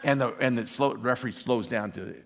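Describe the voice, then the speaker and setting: A man preaching a sermon, telling a story with lively acted-out shouts and hummed music. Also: mid-range voice, brisk, long reverb tail. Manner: animated, acts out scenes with shouts and hummed theme.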